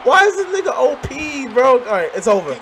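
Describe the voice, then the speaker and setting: A man commenting on his own wrestling game as he plays, loud and profane, trash-talking and often shouting. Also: very high-pitched, very animated, brisk. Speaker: gaming channel host. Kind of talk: live reactive gameplay commentary. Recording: crowd and game noise behind.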